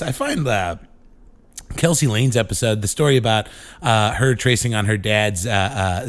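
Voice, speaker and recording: A man hosting a podcast, introducing a clip in a loose, casual way with many fillers. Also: medium pitch. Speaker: podcast host.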